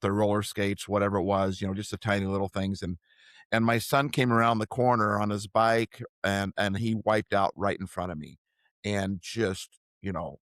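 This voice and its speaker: An older man co-hosting a podcast, sharing reflective, earnest stories in a relaxed chat. His voice sits low. The recording is dry and close to the mic. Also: no echo. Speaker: podcast co-host. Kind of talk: casual chat.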